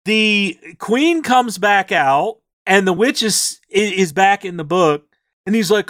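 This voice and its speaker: A man co-hosting a podcast, casually recapping a tabletop game session and acting out the characters' lines in quick, animated asides. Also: sits high, no room sound, studio quality. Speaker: podcast co-host.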